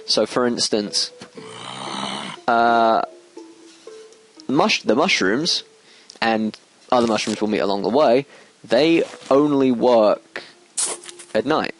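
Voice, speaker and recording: A man giving casual let's play commentary, explaining as he plays, with sudden squeaky excited outbursts. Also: measured pace, pauses often, rough recording. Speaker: gameplay commentator. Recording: game music playing behind. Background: game music.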